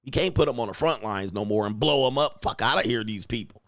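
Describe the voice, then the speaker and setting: Guy ranting on a livestream, swears nonstop, pitch jumps all over, dry close sound. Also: quick pace, no room sound. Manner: animated, mocking, swears constantly; reads chat messages aloud. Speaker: livestream host. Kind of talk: profane ranting commentary.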